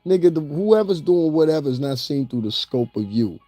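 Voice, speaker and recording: Mellow-voiced man ranting in mocking commentary. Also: a little high, expressive, normal speed, dry recording, soft background music. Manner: mocking, laughs at his own jokes. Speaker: celebrity gossip commentator.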